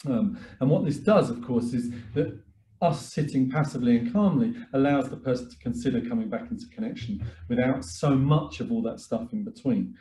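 A man giving a webinar talk as a therapist, speaking calmly and reflectively with frequent fillers and restarts. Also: medium pitch, fairly quick. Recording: echoey room.

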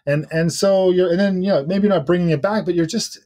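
A man's voice: high-pitched, a little fast, mellow. A man co-hosting a current-events podcast in casual, rambling chat. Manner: conversational, rambling with restarts and asides. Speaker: podcast co-host.

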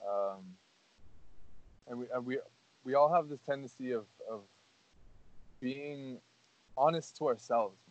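A man's voice: medium pitch, a little slow, long pauses. A man hosting a casual podcast, talking earnestly in a rambling way with lots of "like" and "you know". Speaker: podcast host. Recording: dull lo-fi audio.

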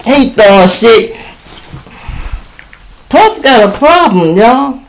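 A man's voice: extremely high pitch, very animated, takes it slowly, creaky, slight background noise, low-quality recording. A man from Chicago hosting a podcast, giving casual, profane commentary and acting out quoted people in raised voices. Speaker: podcast host.

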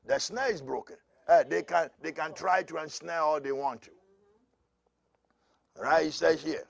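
A man preaching a prophetic sermon as pastor, dropping to a murmur and then rising to loud shouts, with laughs between lines. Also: fairly high pitch, measured pace, creaky, long pauses, no echo.

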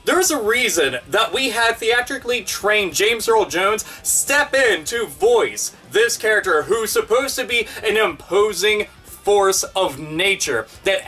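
A man's voice: sits high, pushed and bright, far from the mic. A man ranting in online commentary, profane, sarcastic and exasperated.

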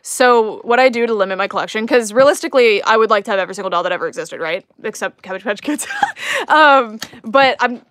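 A woman's voice: fairly high pitch, fast, fairly bright tone, no echo, clean studio sound. A young woman chatting casually on a live stream at home as she unboxes dolls, rambling and giggling with lots of fillers. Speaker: doll collector livestreaming an unboxing. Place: home room.

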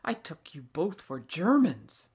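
A woman's voice: lowish voice, very animated, takes it slowly, breathy edge, exaggerated voice. Woman voicing a hearty exclaiming farmer. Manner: loud, exclaiming. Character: wary farmer man, then hearty old friend.

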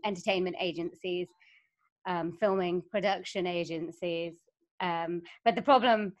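A young woman from Wales, a voiceover artist and singer, chatting upbeat and laughing often as an interview guest. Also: medium pitch. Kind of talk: casual interview chat.

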